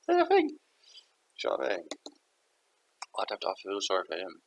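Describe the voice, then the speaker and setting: A man with a fairly low voice muses aloud to camera. He rambles and stops himself often, circling back over his own half-finished ideas with lots of "you know" and "do you know what I mean." It sounds like a loose, casual monologue. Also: wildly swooping pitch, brisk, highs cut off, a little hiss or hum. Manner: rambling, self-interrupting, musing. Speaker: vlogger.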